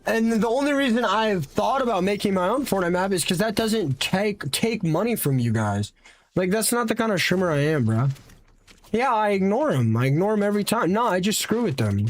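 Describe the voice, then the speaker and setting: Animated young man streaming, high voice. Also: brisk. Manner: animated, rants with rhetorical questions. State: tired after a long stream. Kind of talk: casual live-stream chat.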